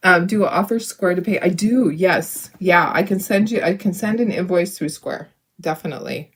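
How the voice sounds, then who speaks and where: Chatty middle-aged woman, low voice. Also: moderate pace, husky. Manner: rambling, chatty, laughs often, talks to viewers. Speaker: craft video host. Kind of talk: casual chat while painting.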